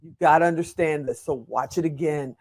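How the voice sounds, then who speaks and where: A man's voice: a little high, a little fast, a little mellow. An older man hosting an interview show, chatty, frank and enthusiastic. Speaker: host.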